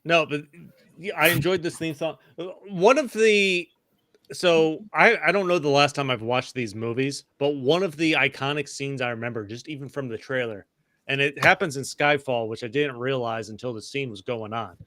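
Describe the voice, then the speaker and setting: Tipsy man with a bright voice. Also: mid-range voice, moderate pace, no echo. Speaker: podcast co-host. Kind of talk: casual chat.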